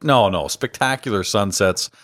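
A man's voice: lowish voice, normal speed, a bit bright. A man hosting a podcast, chatting casually with an upbeat, joking manner. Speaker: podcast host.

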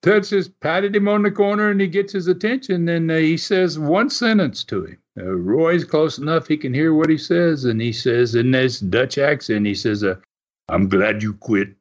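A fairly high-pitched, expressive male voice runs at a normal speed with few pauses. The co-host tells wrestling stories casually on a podcast, rambling with lots of fillers and restarts, all on dull lo-fi sound.

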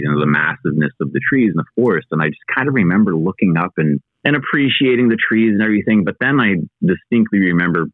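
A man in his thirties, a podcast guest, telling a personal story in a halting, excitable way, swearing freely, over a remote call. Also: low voice, dry recording. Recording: tinny phone-like line, dry.

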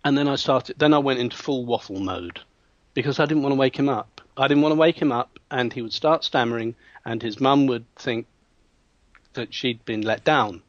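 A man, a hypnotherapist telling a client story in an interview, lively and acting out voices with frequent restarts. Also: mid-range voice, normal speed, no room sound. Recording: dull, dry sound.

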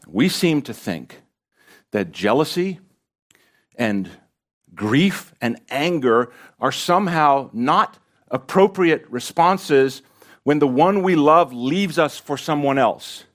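A man's voice: a little high, animated, slow pace. Impassioned preacher, a man mid-sermon. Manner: impassioned, pressing rhetorical questions on listeners. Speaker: pastor.

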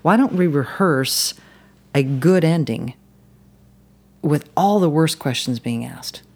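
A guest on a podcast tells a story in an easy, conversational way. The voice sits at a middle pitch. The delivery rambles, with frequent restarts and fillers. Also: expressive, slow, darkish tone. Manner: rambling, many restarts and "you know"s. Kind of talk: casual storytelling interview.

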